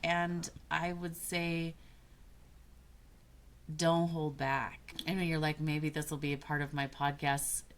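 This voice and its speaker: Low-voiced woman speaking thoughtfully. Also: flat delivery, takes it slowly, a little hiss or hum. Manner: thoughtful, searching for words, restarts mid-phrase. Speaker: guest, business coach. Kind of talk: reflective podcast conversation.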